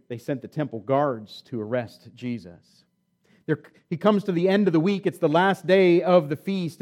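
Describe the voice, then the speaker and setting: A man's voice: on the high side, a little mellow. A man preaching a sermon, retelling a scripture story and then reading the passage aloud with rising and falling emphasis. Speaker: pastor.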